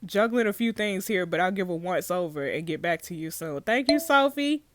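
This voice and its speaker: A woman's voice: lowish voice, lively intonation, moderate pace, background noise. A young woman hosting a let's play, reading messages aloud and reacting with laughter and slang. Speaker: gaming host.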